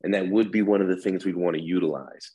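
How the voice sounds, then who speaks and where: Male negotiation instructor for an interview: deep, slightly raspy voice, explains step by step. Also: fairly even intonation, fast, dark tone, rough recording. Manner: explanatory, restarts with repeated words.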